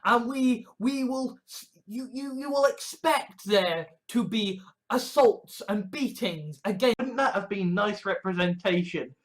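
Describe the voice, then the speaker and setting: A woman's voice: mid-range voice, expressive, a little slow, few pauses. A woman with a British accent, preaching a heated, sarcastic sermon and mocking her opponents. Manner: sarcastic, heated, mocks opponents in shouted mimicry. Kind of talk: impassioned sermon rant.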